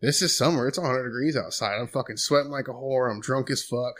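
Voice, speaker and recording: A man's voice: medium pitch, fast, fairly bright tone. A man, telling a long story in profane, laid-back casual chat. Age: 20s. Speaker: guest.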